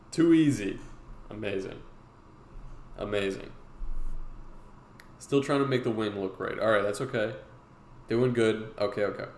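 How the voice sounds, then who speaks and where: This streamer-artist teaches drawing on a live stream, speaking slowly in a fairly low voice with long pauses. He chats loosely and rambles with lots of fillers. Faint noise sits under a roomy-sounding recording.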